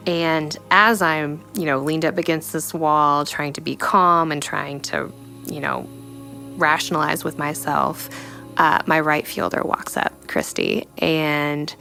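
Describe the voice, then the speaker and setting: A young woman giving a personal faith testimony in a reflective, halting way, full of "you know" fillers. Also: deep voice, creaky, pushed and bright. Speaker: storyteller sharing a personal testimony.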